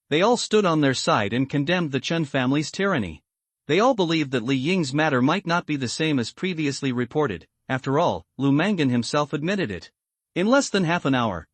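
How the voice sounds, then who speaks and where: A man narrating a story recap in a steady, even reading voice, reading the characters' lines without putting on voices. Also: fairly high pitch, no echo.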